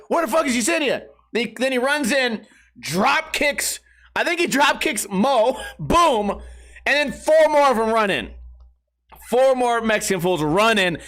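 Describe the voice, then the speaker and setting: A man in his thirties, a vlog host, telling rambling stories in a slangy, swearing, casual way, laughing often and losing his train of thought. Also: very high voice. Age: 30s. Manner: slangy and animated when retelling stories.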